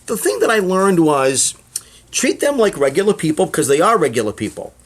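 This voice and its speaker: Brief: middle-aged comic, slightly high voice, animated, chatty storyteller. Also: male voice, moderate pace. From Boston. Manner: rambling, chatty, with many fillers and name-dropping asides. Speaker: comedian and guest. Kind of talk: casual interview storytelling.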